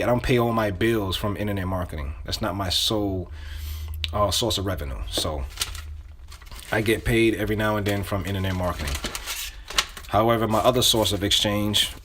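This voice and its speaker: A man's voice: on the low side, a bit bright, a little hiss or hum. A man giving casual sales coaching, talking loosely with restarts and repeating himself as he acts out sample phone calls. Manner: loose, conversational phrasing with restarts. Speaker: sales trainer. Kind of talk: casual instruction.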